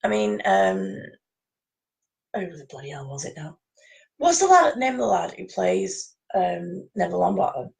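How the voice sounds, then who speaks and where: A woman's voice: fairly low pitch, very animated, moderate pace, gravelly, poor audio. A woman telling rambling anecdotes in casual chat, laughing often.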